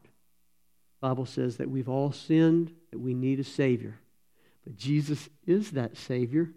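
A pastor tells a sermon story, folksy and animated, voicing each character himself. His voice is gravelly and dark, with a mellow edge. The recording is a little dull and lo-fi. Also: medium pitch. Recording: slightly dull lo-fi sound.

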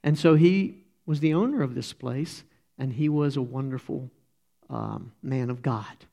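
A middle-aged man giving an informal sermon as a church speaker, talking in a halting, conversational way and often getting emotional. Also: mid-range voice, gravelly, warm tone, highs cut off.

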